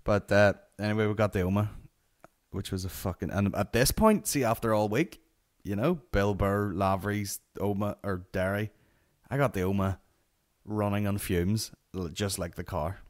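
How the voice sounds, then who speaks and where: A man's voice: fairly low pitch, steady tone, moderate pace. Sweary Northern Irish man telling stories. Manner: sweary, rambling anecdotal delivery. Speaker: podcast host. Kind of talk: solo comedy podcast storytelling.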